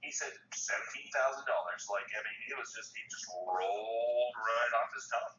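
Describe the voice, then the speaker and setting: A man chatting casually and telling a story, acting out the lines of the people in it. His voice is bright and sits far back in an echoey room. The sound is muffled, with faint noise behind it. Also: mid-range voice, moderate pace. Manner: storytelling, acts out quoted dialogue. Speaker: livestream guest. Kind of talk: casual chat over a call.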